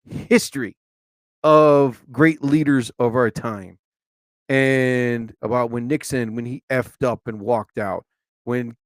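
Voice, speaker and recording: A man's voice: mid-range voice, no room sound. A man hosting his own live show and podcast in a rambling, chatty monologue, laughing often and restarting his sentences.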